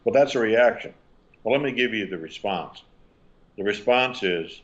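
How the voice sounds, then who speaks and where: An older man, a parenting author and guest, answering interview questions with lively stories. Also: lowish voice, moderate pace, muffled recording. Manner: animated storytelling, acting out quotes.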